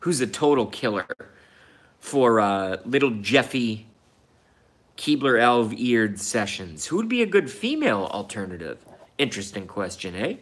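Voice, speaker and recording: A man's voice: medium pitch, sing-song, a little slow, fairly bright tone. A man hosting a live stream, ranting heatedly about politics, swearing often and repeating his points, while reading out and answering viewer comments. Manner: heated, profane, repeats himself.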